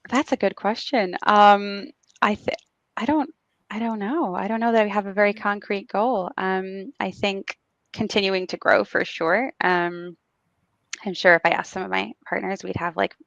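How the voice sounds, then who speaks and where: A woman speaking as a business executive guest on a podcast, answering in a reflective, measured way with frequent ums. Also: medium pitch, steady tone, creaky, a bit bright, dry recording, muffled recording.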